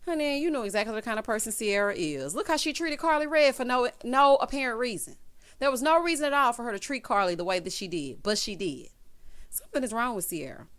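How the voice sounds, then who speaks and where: A woman's voice: fairly high pitch, expressive, a little fast, fairly bright tone. A woman vlogger giving a casual, sassy recap commentary, calling people "honey" and "child".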